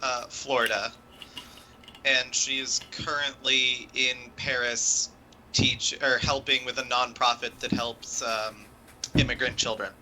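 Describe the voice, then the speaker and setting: A man's voice: medium pitch, flat delivery, slow, pushed and bright, slight background noise, rough recording. A man chatting casually with hesitant phrasing and fillers. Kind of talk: casual chat.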